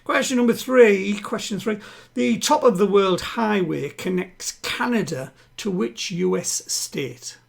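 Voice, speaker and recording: A man hosting a live-streamed home quiz, chatting with players and reading each question twice, slowly. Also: high-pitched, vocal fry. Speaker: quiz host. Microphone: home streaming setup.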